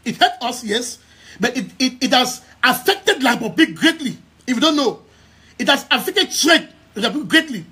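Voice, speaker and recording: His voice is very high and expressive, bright and forceful with a breathy edge, moving at a moderate pace. A young man with a Cameroonian English accent, he's an activist from Southern Cameroons who heads a news outlet, speaking to followers on a live stream, hammering key phrases and restarting his words often with stammers.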